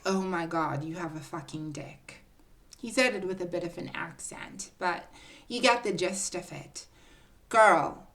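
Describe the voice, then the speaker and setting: A woman telling a personal story to her viewers in a casual, confiding storytime, often calling her listeners "girl" and building drama with pauses. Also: fairly low pitch, a bit bright. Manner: chatty, confiding, keeps addressing listeners as "girl".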